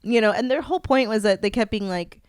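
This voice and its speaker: A young woman co-hosting a casual podcast chat, telling a story in an animated way and acting out the voices of the people in it. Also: a little high, fast, clean tone, no echo. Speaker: podcast co-host.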